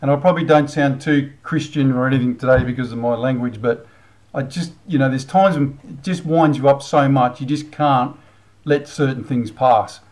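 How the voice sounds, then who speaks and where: A man's voice: mid-range voice, moderate pace, darkish tone, low-quality recording. A middle-aged Australian man hosting a commentary channel, ranting bluntly with casual swearing, then leading a prayer. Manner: blunt, heated, swears freely. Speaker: channel host.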